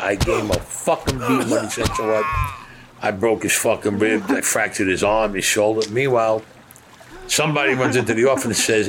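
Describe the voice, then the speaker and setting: A man's voice: on the low side, a little fast, slight background noise. A man recounting a personal story in a blunt, profane, street-talk way. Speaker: interviewee.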